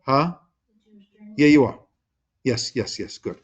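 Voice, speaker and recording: A man's voice: mid-range voice, lively intonation, takes it slowly, highs cut off. A man who is a rabbi, giving an informal lesson to a small group in a conversational way, asking them questions and retelling stories with quoted dialogue. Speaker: rabbi teaching a class. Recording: recorded conference call.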